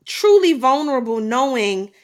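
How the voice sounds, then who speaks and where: Expressive middle-aged woman storyteller, fairly high voice. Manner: animated, acts out dialogue in quick bursts; grows quiet and slow at heavy moments. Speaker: guest sharing a personal story. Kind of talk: conversational storytelling.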